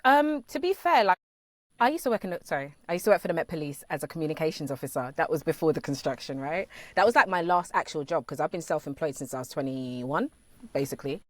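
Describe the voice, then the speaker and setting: Lively, chatty woman on a video call. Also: deep voice, fast talker, no room sound, studio quality. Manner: chatty, laughs often, lively storytelling. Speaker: podcast guest. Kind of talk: casual interview chat.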